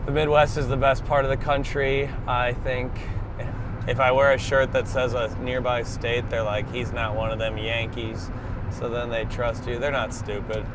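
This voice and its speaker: A man who is a touring stand-up comedian, exhausted and self-mocking, talking in a dry, deadpan way in a documentary interview. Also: mid-range voice, normal speed, background noise. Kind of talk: candid documentary interview and crowd work.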